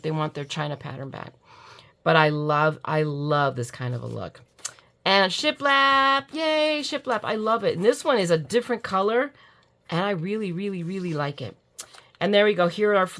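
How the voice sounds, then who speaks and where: A woman's voice: fairly low pitch, lively intonation, a little fast. A middle-aged American woman chatting casually while unboxing crafts, gushing and drowsy from allergy medicine. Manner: chatty, gushing, self-mocking, yawning. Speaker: crafting YouTuber.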